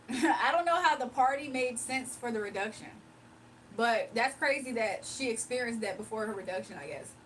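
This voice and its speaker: A woman's voice: fairly high pitch, expressive, moderate pace. A woman hosting a casual livestream, talking with her chat in a loose, joking manner and laughing often. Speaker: livestream host. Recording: voice from a distance with faint background noise.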